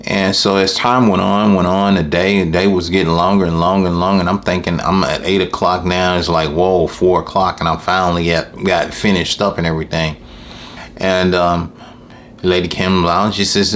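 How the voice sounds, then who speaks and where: Deep-voiced man telling a work story. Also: steady tone, brisk, creaky, fairly bright tone, slight background noise. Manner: rambling anecdote, often repeats "I said". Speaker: lawn care business owner. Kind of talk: casual storytelling to camera.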